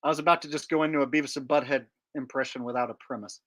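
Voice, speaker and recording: A man's voice: medium pitch, fairly even intonation, very fast, fairly bright tone. A man hosting a casual livestream, chatting and joking about his own impressions. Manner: joking, self-mocking, laughs often. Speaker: host.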